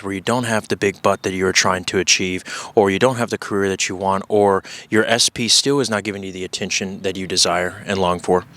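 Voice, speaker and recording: A man giving a casual motivational monologue outdoors as a self-help coach, assertive and rhetorical, with drawn-out pauses. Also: lowish voice, fairly bright tone. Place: outdoors with scenery.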